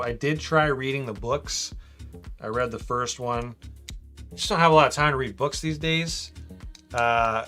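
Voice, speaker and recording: Casual male streamer, bright forward tone, laid-back chat with faint music underneath. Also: mid-range voice. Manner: chatty, reads out viewer comments, says "man" a lot. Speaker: livestream host building a brick model.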